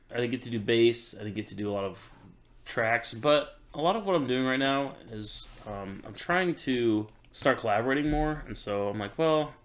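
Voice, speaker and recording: A man musician thinking aloud in an easygoing, self-doubting way while he records in his home studio. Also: medium pitch. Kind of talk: casual talk while recording.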